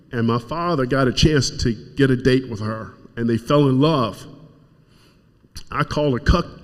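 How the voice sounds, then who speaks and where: A middle-aged man from Kentucky giving an emotional speech at a community event, fighting back tears as he urges the audience on. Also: medium pitch. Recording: reverberant hall sound.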